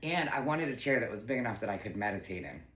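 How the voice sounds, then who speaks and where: A woman's voice: very animated, fast talker, dull audio. Bubbly chatty woman vlogging at home. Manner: bubbly, gushing, baby-talks to her cat in a high voice. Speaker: lifestyle vlogger. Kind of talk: casual chatty vlog. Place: home kitchen and living room.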